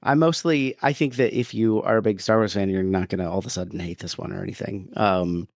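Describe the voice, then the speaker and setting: A man's voice: fairly low pitch, brisk, gravelly, no echo, clean studio sound. A man co-hosting a podcast in casual, jokey chat, laughing often. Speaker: podcast co-host.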